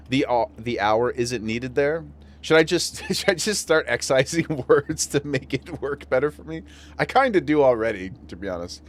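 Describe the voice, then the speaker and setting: A man's voice: mid-range voice, animated, normal speed. A man with a western New York accent, chatting casually and laughing often while streaming a game. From western New York region. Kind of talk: casual gameplay chat.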